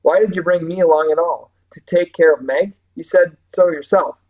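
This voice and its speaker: A man reading a storybook puts on a teenage boy who won't back down. The voice sits a little high and pushes hard, insistent and loud. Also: normal speed, close to an everyday voice, rough recording. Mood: protesting. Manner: shouting, insistent.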